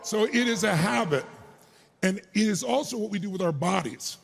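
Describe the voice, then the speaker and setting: A middle-aged man speaking as a motivational speaker at a live keynote, loudly firing up the audience. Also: high voice, animated, moderate pace, gravelly, a little hiss or hum. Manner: loud, crowd-rousing, hype-driving, shouting bursts. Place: large conference stage before a live audience.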